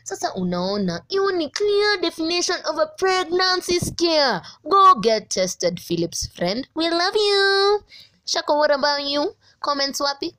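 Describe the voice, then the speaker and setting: A young Kenyan woman hosting a casual podcast, lively and laughing often, mixing English with Swahili slang. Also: sits high, a little slow, few pauses, no room sound. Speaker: podcast host.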